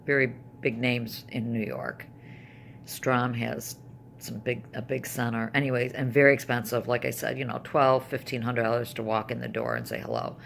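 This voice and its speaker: A woman's voice: a bass voice, steady tone, normal speed, gravelly, slight background noise. An older woman talking casually to camera at home in a personal vlog, rambling with restarts and trailing thoughts. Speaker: vlogger.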